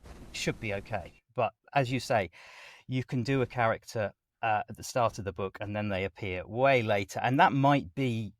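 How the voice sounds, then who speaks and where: A man's voice: lowish voice, normal speed, dry recording. Chatty man explaining at length. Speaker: voice actor guest. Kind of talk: conversational interview.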